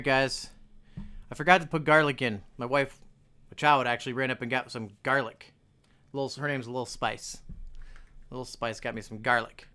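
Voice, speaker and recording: A young adult man talks through a homemade recipe in his home kitchen. His voice is smooth and clear at a middle pitch, and his delivery is casual and chatty, with joking asides to the viewers. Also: pushed and bright. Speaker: cooking video host. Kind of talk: casual cooking demonstration.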